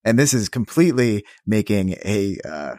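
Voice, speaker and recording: A man's voice: fairly low pitch, very animated, moderate pace, a little mellow, no echo, clean studio sound. A man co-hosting a podcast in casual recap chat, hesitant, with many restarts and fillers. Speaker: podcast co-host.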